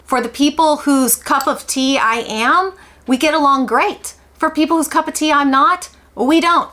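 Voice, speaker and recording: A woman's voice: fairly high pitch, fairly bright tone. A woman, talking in a candid confessional vlog in an emphatic, outspoken and self-mocking way. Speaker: homeschool vlogger.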